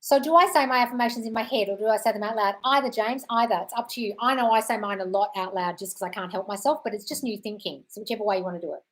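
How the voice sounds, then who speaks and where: A woman's voice: mid-range voice, rapid-fire, hardly any pauses, fairly bright tone. An Australian woman hosting a live question-and-answer stream in a chatty, casual way, calling viewers "darling" and swearing freely. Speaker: host of a live manifesting Q&A.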